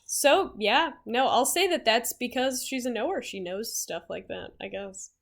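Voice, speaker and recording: A woman's voice: fairly high pitch, animated, a little slow, vocal fry, a bit bright. A woman running a tabletop game, rambling and full of fillers. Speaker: game master. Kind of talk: casual tabletop game chat.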